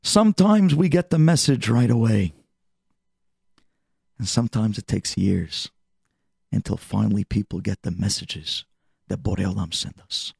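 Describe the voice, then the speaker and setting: Storyteller, male, raspy and gravelly, dramatic delivery, dry sound. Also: on the low side, a little slow, long pauses, darkish tone, no echo. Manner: dramatic, emotive narration. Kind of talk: religious storytelling.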